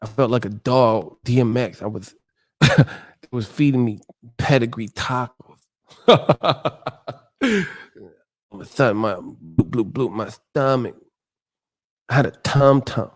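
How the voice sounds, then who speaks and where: A man doing a comic impression of a retired heavyweight boxer whining like a child about a stomachache, mumbly and quiet. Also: medium pitch, a little slow, pauses often, natural voice. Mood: whiny. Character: mock Mike Tyson, grown man whining about a stomachache. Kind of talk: comic impression on a live stream.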